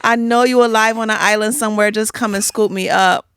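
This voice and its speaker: A woman's voice: medium pitch, fairly even intonation, brisk, fairly bright tone, clean tone, no echo, clean studio sound. A woman guest on a casual podcast, laid-back and joking as she answers the host's game. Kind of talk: casual chat.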